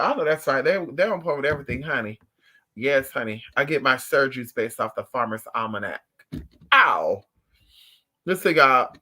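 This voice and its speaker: A man vlogging in casual livestream chat, telling stories to his viewers in an animated, profane way with playful asides. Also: fairly high pitch.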